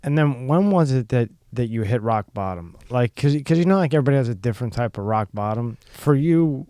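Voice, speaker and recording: A man's voice: mid-range voice, expressive, brisk, mellow, no room sound, clean studio sound. A man hosting a podcast, asking easygoing questions full of fillers. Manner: easygoing, with many fillers such as like and you know. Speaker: podcast host. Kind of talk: casual interview questions.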